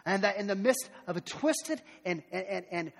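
A man preaching a sermon as pastor, animated, who acts out the voices of complainers. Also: high-pitched, moderate pace, vocal fry, long reverb tail.

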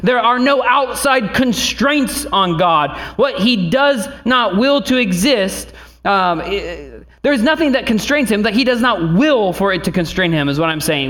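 A pastor with a fairly high voice delivers his sermon in earnest, steady teaching that swells into emphatic declarations. He slips easily into loose, chatty asides before returning to the text. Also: unhurried.

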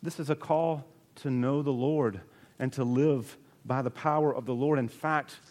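A male pastor preaching a sermon with earnest emphasis, his voice rising to strong peaks and dropping low. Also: fairly even intonation, a little slow, darkish tone. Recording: long reverb of a large hall.

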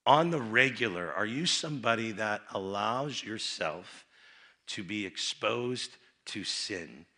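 A lowish-voiced, animated man delivers a youth rally sermon at a slow pace. He shifts from hushed asides to loud, emphatic bursts and often repeats or restarts what he's saying.

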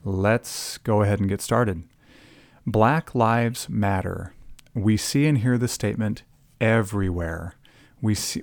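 A man hosting a commentary podcast, speaking emphatically and slowing down to stress key phrases. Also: lowish voice, darkish tone, no echo. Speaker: podcast host.

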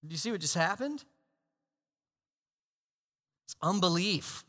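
A man preaching a sermon as pastor, animated, swinging between loud emphasis and hushed asides. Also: high-pitched, takes it slowly. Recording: long hall reverb.

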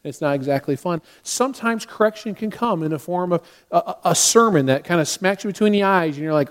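A man's voice: sits high, lively intonation, quick pace, few pauses. A middle-aged man preaching a sermon as a pastor, earnest, with sudden acted outbursts.

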